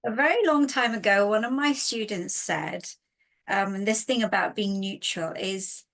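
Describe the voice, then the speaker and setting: A woman speaking as a webinar panelist over a video call, earnest and animated, acting out her own inner voice. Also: medium pitch, normal speed. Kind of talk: reflective webinar talk.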